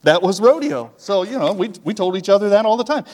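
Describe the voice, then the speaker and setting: A man's voice: sits high, animated, brisk, a little mellow, long reverb tail. A middle-aged man preaching a sermon in a conversational, folksy way, often checking in with the congregation. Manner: conversational, folksy, with frequent "right?" asides.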